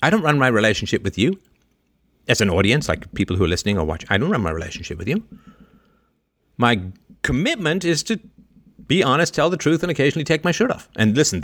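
Male livestream host, mid-pitched and lecturing, dry close sound, with emphatic repetition and sarcasm. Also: no echo. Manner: emphatic and lecturing, repeats his punchlines; sarcastic asides, big swings between loud and low. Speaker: livestream host answering listener questions. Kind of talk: opinionated call-in monologue.

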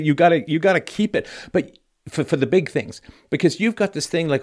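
An animated male host giving advice on a call-in show. His pitch swings widely as he acts out both sides of an argument, playing the husband and then the wife, and his tone stays lively from one line to the next. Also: a little fast.

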